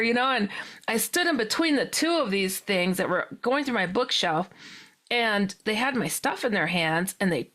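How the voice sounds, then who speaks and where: A woman, a guest on a podcast, telling a personal story in an animated way, laughing often and acting out her own past words with sudden jumps in pitch. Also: normal speed. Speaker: guest, paranormal author.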